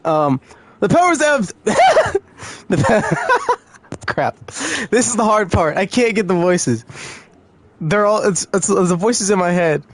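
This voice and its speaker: A man chatting casually while streaming a game, jokey, self-mocking and swearing. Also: on the high side.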